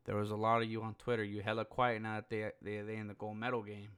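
A man's voice: lowish voice, monotone, quick pace, a bit bright, clear, resonant tone. A man giving a casual, profane, rambling rant about sports, full of fillers and heated outbursts. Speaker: sports podcaster.

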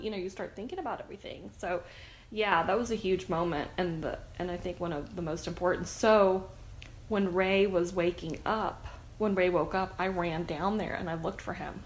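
A woman's voice: mid-range voice, moderate pace, slight background noise. A woman guest talking candidly in a conversation, chatty and prone to restarts and easy laughter.

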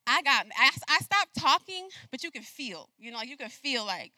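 A young adult woman giving a message, telling a personal story in an animated way and acting out the dialogue. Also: high-pitched, normal speed, dry recording. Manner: animated, acts out dialogue with laughs. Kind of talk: storytelling sermon.

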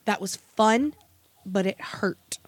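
Woman podcast cohost, lively and sweary, dry close mic, mid pitch. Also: slow pace, no echo. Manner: animated, swears freely. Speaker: podcast co-host. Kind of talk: casual podcast chat.

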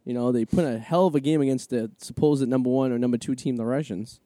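A man's voice: medium pitch, quick pace, mellow, no room sound. A man co-hosting a casual podcast, joking and swearing his way through rambling sports talk. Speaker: podcast co-host. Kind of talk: casual chat.

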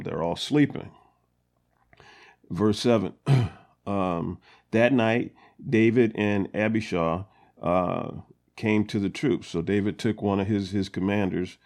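A man's voice: fairly low pitch, creaky. A man hosting a Bible study, reading scripture and retelling it in casual, conversational words with many fillers. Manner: grows louder and more animated when quoting characters. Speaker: Bible study podcast host.

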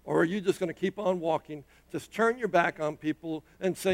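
Brief: middle-aged male pastor, high-pitched voice, emphatic sermon delivery with rises and hushed drops. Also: moderate pace, hardly any pauses. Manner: emphatic preaching, rising and dropping in pitch and loudness.

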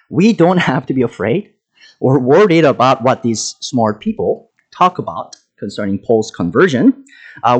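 A man's voice: on the high side, low-quality recording. A man preaching a sermon, talking with many fillers and restarts. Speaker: pastor.

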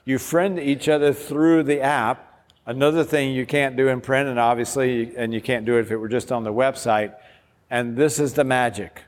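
A man's voice: medium pitch, steady tone, normal speed. A man, a pastor, giving an enthusiastic, informal workshop talk while demonstrating an app step by step. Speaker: pastor presenting a discipleship app. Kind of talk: workshop presentation. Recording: long hall reverb.

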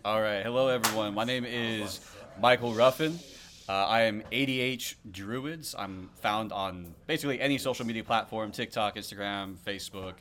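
A man who works as a coach introduces himself in a plain, steady, informative way. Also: fairly low pitch, normal speed. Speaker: ADHD coach. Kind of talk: self-introduction in casual chat.

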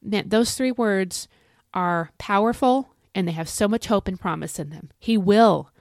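A woman's voice: medium pitch, animated, moderate pace, dry recording, studio quality. A woman hosting a casual devotional podcast from home, chatty and folksy, repeating phrases for emphasis. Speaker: podcast host and Bible teacher. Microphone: home recording.

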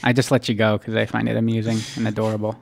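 A man's voice: lowish voice, completely flat delivery, racing, creaky. A man co-hosting a podcast, chatting casually and jokingly, rambling and swearing offhand. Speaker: podcast co-host. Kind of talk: casual chat.

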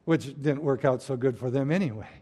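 A man preaching a sermon as a pastor, swinging between loud stressed phrases and hushed, quiet drops. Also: mid-range voice, fairly quick, slightly rough.

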